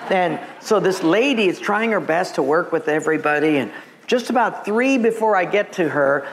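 A man from Hawaii, a pastor, preaching with lively storytelling and acted-out voices. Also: high voice, brisk. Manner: animated, acts out voices, laughs at himself. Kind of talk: sermon with storytelling. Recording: long church reverb, faint background noise.

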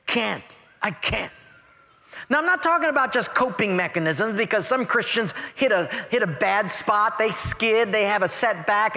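A man preaching a sermon as pastor, an animated storyteller who acts out the voices in his stories. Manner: animated storyteller, acts out quoted voices with big pitch swings. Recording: echoey hall reverb.

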